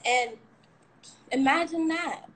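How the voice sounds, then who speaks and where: A woman's voice: high-pitched, slow pace, a bit bright, a little hiss or hum, poor audio. A young woman telling a candid, rambling personal account of a frightening ordeal on a livestream, cursing now and then. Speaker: shooting survivor sharing her story.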